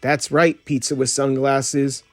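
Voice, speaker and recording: A man's voice: mid-range voice, flat delivery, slow, no room sound, faint music behind, lightly acted. A man voicing a pompous male toy soldier action figure who talks of himself in the third person, in a storybook reading.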